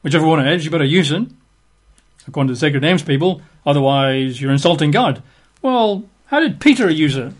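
A man leads a Bible study with a voice pitched a little high. He works through the text methodically, spells out words letter by letter and adds emphatic rhetorical asides. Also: lively intonation, a little fast. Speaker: Bible teacher.

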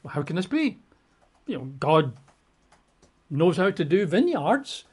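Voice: medium pitch, sing-song, takes it slowly, pauses often, darkish tone, breathy edge. A preacher giving a Bible exposition sermon, emphatic and conversational, piling up repeated synonyms with casual asides.

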